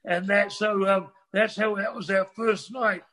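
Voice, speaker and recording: A man's voice: high voice, fairly even intonation, a little slow, sharp tone, a little hiss or hum. An older man, telling a rambling, profane story as a guest on a casual chat. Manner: rambling, restarts, swears freely.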